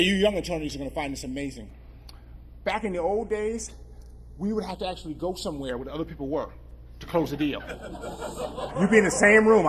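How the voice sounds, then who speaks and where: A male attorney telling a humorous story to an audience, with joking, animated asides. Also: high-pitched, a little hiss or hum. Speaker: attorney and speaker.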